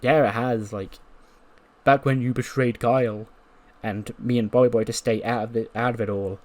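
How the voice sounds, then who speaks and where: Man doing a calm, dismissive male wrestler. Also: medium pitch, normal speed, lightly acted.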